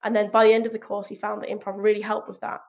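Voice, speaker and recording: A woman's voice: medium pitch, monotone, racing. A woman from England in casual conversation, talking about comedy and improv with frequent laughs and filler words. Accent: neutral southern English. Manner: chatty, laughs often, many ums. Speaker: podcast guest, comedian. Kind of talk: casual chat.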